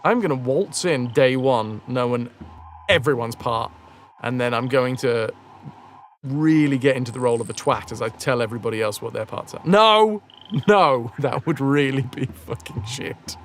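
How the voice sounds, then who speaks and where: A man's voice: mid-range voice, moderate pace, slight background noise. A young man casually chatting and swearing as he streams a game, crude and self-mocking. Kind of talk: casual live gameplay commentary.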